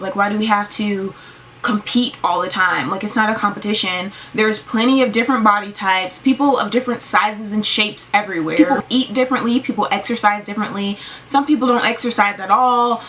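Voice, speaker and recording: Bright-voiced young woman ranting. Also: mid-range voice, slight background noise. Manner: ranting, heavy use of "like". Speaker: vlogger. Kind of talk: casual rant to camera. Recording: slightly distant mic.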